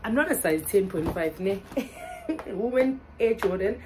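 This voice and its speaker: A young South African woman vlogging casually, excitable and laughing often as she mixes English and Zulu. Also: medium pitch, measured pace, a little hiss or hum, rough recording. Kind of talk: casual vlog chat.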